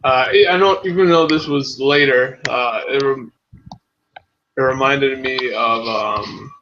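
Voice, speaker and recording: A man's voice: medium pitch, slow pace. A man co-hosting a casual movie review chat, laid-back and profane, hesitating with many ums, on a dull lo-fi recording with faint hiss. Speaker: podcast co-host.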